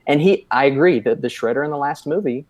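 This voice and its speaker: A man's voice: on the high side, fast talker, a little mellow. A man co-hosting a podcast, talking emphatically about a film and laughing easily. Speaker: podcast co-host. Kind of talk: casual review chat.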